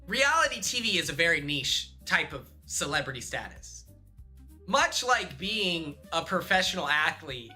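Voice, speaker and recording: Young guy on stream, sharp bright voice, keeps saying like, bit of music under it. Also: a little high, a little slow. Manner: rambling, animated, heavy use of "like". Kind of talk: casual storytelling on a livestream.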